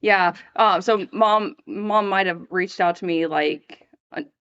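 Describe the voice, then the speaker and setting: A woman's voice: lowish voice, slow, a bit bright, clean tone, no echo, dull audio. A woman co-hosting a podcast who chats casually, laughs along and reacts to stories. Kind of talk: casual chat.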